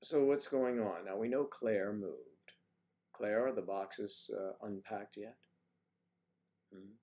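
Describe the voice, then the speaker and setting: A man's voice: on the low side, steady tone, slow pace, a little mellow. Older man hosting a chatty livestream. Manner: chatty, greets viewers by name, playful. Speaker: livestream host. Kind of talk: casual livestream chat reading viewer comments.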